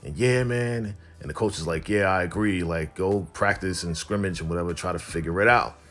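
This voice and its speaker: A man's voice: low-pitched, fairly quick, a bit bright. A man hosting a casual TV episode recap, talking in slang and retelling the scenes as quoted back-and-forth dialogue. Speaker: TV recap host.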